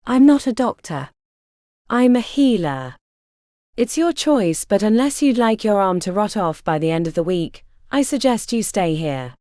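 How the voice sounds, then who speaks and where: A woman's voice: mid-range voice, sing-song, a little slow, warm tone, no room sound. A woman voicing a blunt young female healer who gives curt, dry instructions.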